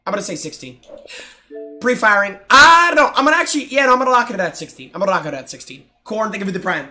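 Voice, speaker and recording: Loud excitable young male streamer. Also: high voice, quick pace, faint music behind. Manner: loud, excitable, bursts into shouts and laughs. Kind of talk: live gaming stream chat.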